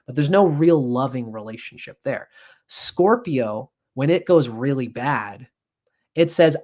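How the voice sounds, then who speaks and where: A man's voice: mid-range voice, expressive, unhurried, darkish tone. A man giving an astrology reading on a live stream, blunt and profane, switching into acted voices to make his points.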